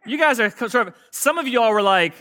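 A man's voice: very high-pitched, expressive, brisk, bright, forceful tone. A man preaching a sermon in a casual, joking way, getting his congregation to call out responses. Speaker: pastor. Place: church sanctuary with congregation.

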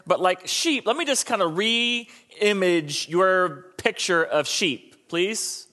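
A man's voice: high-pitched, expressive, takes it slowly, bright, forceful tone. A man preaching a conversational, joking sermon, often restarting his sentences mid-thought. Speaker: pastor.

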